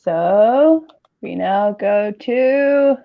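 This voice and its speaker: A woman's voice: medium pitch, lively intonation, drawn-out words, creaky, dull audio. A woman hosting a casual livestream chat, rambling and giggling often as she talks. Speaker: host.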